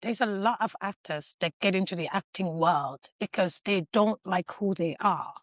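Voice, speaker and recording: A woman telling a personal story on a podcast, animated and emotional, acting out the scenes she describes. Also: mid-range voice, moderate pace, no echo. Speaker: podcast guest. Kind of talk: casual podcast chat.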